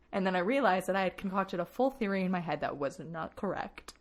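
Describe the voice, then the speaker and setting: A young woman co-hosting a podcast, telling stories in a lively, laughing way during casual chat. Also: lowish voice, moderate pace. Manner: animated storyteller, laughs often. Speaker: podcast co-host.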